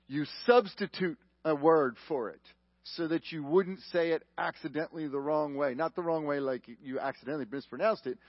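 A man's voice: a little high, no echo, lo-fi sound. A man teaching the Bible to a live congregation, often asking the room questions and pressing his points with emphasis.

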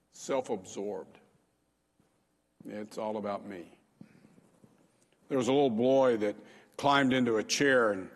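A male pastor preaches in a relaxed, conversational way, stopping for small fillers as he goes. His voice is husky and mid-pitched, with a long reverb hanging in the church hall. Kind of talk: sermon.

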